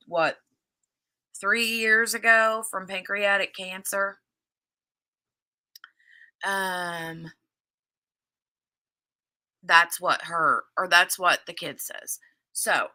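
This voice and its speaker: A woman hosts a casual livestream at an unhurried, drawn-out pace. Her voice is very bright and forward. She chats away, laughs easily and calls out viewers by name. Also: medium pitch. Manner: chatty, greets viewers by name, laughs often. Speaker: livestream host. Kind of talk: casual livestream chat recapping a TV episode.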